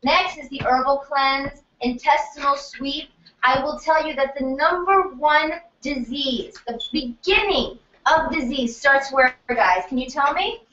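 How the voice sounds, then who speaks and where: A woman health practitioner leading a lively workshop lecture, firing questions at her audience in an animated way. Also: high-pitched, unhurried. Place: event room in New York City. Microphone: distant room mic. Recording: echoey room, distant mic, muffled, faint noise.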